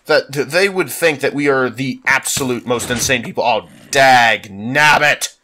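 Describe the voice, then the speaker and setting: A man's voice: mid-range voice, moderate pace, bright, forceful tone, a little hiss or hum. A man with a congested, sinus-stuffed voice giving rambling, self-mocking let's play commentary at a desktop microphone. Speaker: gaming YouTuber.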